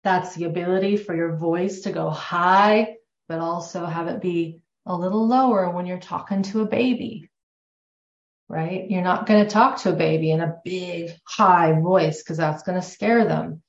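A woman with a lowish voice, fairly even intonation and normal speed teaches somatic therapy in a chatty way. She keeps correcting herself and acts out what others said. The recording has an echoey room and dull lo-fi sound.

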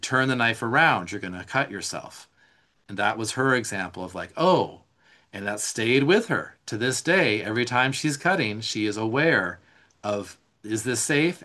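A man leads a live online teaching session in an easy, unscripted way. He talks a worksheet through line by line, with plenty of "like", restarts and self-corrections. His voice sits at an ordinary middle pitch. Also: sharp tone. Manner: conversational, loose, with frequent "like" and restarts.

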